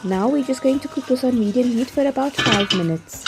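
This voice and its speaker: Background music accompanies a woman with a high voice who speaks fairly quickly in her cooking tutorial voice-over. Chatty and laughing lightly, the vlogger lays out each step in turn.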